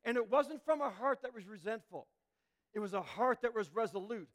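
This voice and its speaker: High-voiced impassioned male preacher. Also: lively intonation, brisk. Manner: impassioned, rising and dropping to near hush. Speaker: pastor. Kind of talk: sermon.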